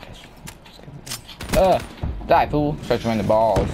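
An excitable man trash-talks his way through a shooter match, his voice gravelly and swinging wildly in pitch. He drawls between sudden yelps, with clear gunfire crackling behind him. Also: a little fast, pauses often. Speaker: gameplay commentator. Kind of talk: live gameplay commentary.

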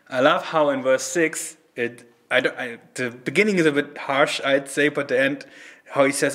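Man, German native speaker, preacher, earnest sermon, conversational, mid-pitched voice. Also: normal speed, fairly bright tone. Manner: earnest, conversational, with frequent restarts and acted prayers. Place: church service.

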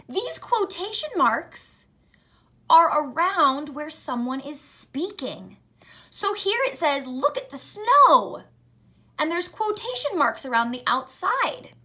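A young woman teaching young children to read, reading picture books aloud slowly in a sing-song way with some hesitant fillers. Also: high voice, bright, forceful tone.

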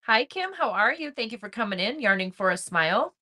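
A woman's voice: on the high side, big pitch swings, fairly quick, bright, forceful tone. A woman hosting a crochet livestream, chatting casually and greeting viewers by name as she reads the chat. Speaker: crochet channel host.

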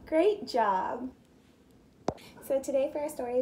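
A woman teaching preschoolers online as a zoo educator, gently encouraging and reading a picture book aloud with animated storytelling. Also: a little high, slow, background noise.

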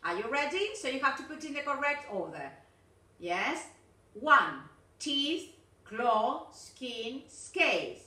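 Chatty teacher lady, bright high voice, lots of okay and yes, echoey room. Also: very animated, takes it slowly. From Argentina. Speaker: English teacher. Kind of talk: recorded video lesson. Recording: echoey room, distant mic.

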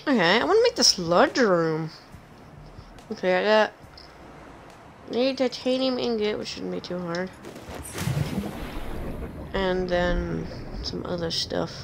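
Slow-talking woman muttering through a game. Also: medium pitch, lively intonation, creaky, noisy background. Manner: mutters to herself while playing. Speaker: streamer. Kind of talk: casual gameplay commentary. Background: game music.

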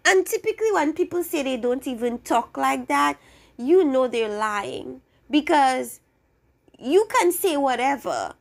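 A young woman talks straight to her viewers in a casual, opinionated rant, easily exasperated. Her voice sits a little higher than most women's. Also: animated, measured pace, gravelly. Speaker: reality TV reviewer.

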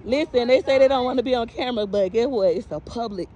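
A woman's voice: on the high side, fast talker, dark tone, muffled recording. A woman from Tampa, Florida, chatting casually into a phone camera while walking outdoors past a long gas line, a bit out of breath and greeting passersby. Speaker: vlogger. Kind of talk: casual walking vlog reporting.

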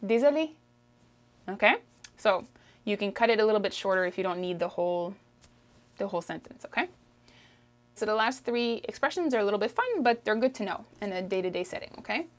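A woman with a Canadian French accent teaching a French lesson, drawing out phrases slowly for the listener to repeat and checking in with "okay?". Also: medium pitch, expressive. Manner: slow, drawn-out pronunciation drills, frequent "okay?" checks. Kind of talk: language lesson, modelling phrases for repetition.

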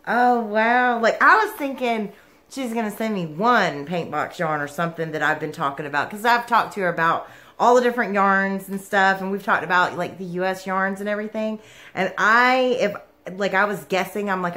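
A woman, gushing and giggling through an excited yarn unboxing vlog. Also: mid-range voice, normal speed. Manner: gushing, giggly, lots of "like" and "oh my goodness". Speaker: yarn vlogger.

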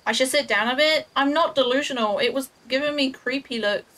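A young adult woman with a high, slightly bright voice talks briskly while streaming a game. She keeps up casual chatter with herself and her chat, poking fun at her clumsy play.

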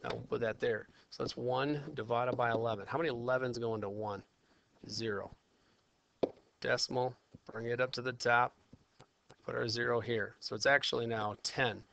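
A man's voice: mid-range voice, steady tone, moderate pace, creaky, a bit bright, a little hiss or hum. A man teaching a casual math lesson, talking himself through calculations in an informal, chatty way. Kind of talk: casual classroom lesson, working problems aloud.

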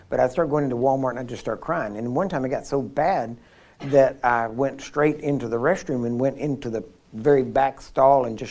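A man preaching at a healing seminar, telling personal stories with frequent laughs and restarts. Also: medium pitch. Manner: animated storyteller, laughs often, frequent restarts. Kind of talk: sermon with personal storytelling.

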